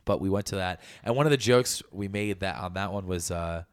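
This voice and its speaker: A man's voice: low voice, brisk, clear, resonant tone, dry recording. A man co-hosting a casual podcast chat, telling stories with lots of energy and close to the microphone. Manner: animated storyteller, jumps into loud comic voices. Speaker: podcast co-host. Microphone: close studio mic.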